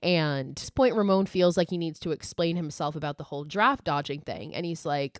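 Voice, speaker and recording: Low-voiced woman recapping a movie. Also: a little fast, few pauses, no room sound, clean studio sound. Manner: chatty and profane, heavy use of "like". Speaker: podcast host.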